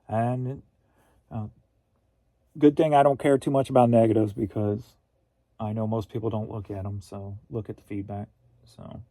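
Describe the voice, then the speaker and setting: A man's voice: lowish voice, fairly even intonation, moderate pace, long pauses, dark tone, no room sound. A middle-aged man from Missouri hosting a casual livestream, rambling easily and reading viewer comments aloud. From Missouri, USA. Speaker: host.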